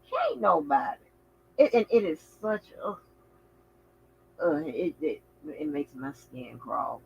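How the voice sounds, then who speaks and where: A man hosting a casual livestream, talking in an animated, outspoken way with frequent swearing and exclamations. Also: sits high, slow, creaky, slightly rough, dull audio. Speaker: channel host.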